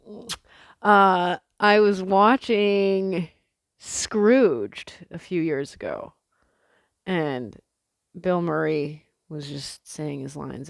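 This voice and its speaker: A woman's voice: sits low, unhurried, gravelly, dry recording. A young woman from the Midwest chatting casually to camera as a vlogger, rambling with lots of fillers and the odd swear word.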